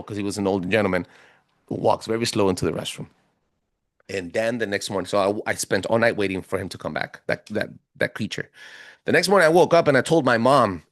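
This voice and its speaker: A man telling a story as a podcast guest in a casual, animated way, full of slang. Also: fairly high pitch, no echo, studio quality. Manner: animated, slangy, keeps saying bro.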